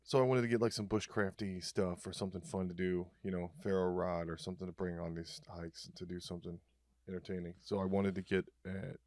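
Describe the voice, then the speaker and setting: A man co-hosting a casual comedy podcast, telling dark jokes in a deadpan, rambling way. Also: low voice, brisk, dry recording. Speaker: podcast co-host.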